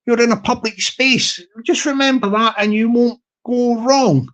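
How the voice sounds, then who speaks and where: A man's voice: extremely high pitch, fairly even intonation, fairly bright tone, rough recording. A man talks to his live stream in a loose, rambling way. He stalls on fillers and restarts often, and he repeats his points over and over. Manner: halting, repetitive, many fillers and restarts.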